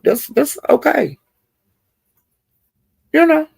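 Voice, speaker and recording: Gravelly man dishing profane gossip. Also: high-pitched, very animated, slow pace, a little mellow, no echo. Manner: talks straight to the people discussed. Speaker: commentator on online live streams. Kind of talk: casual gossip commentary.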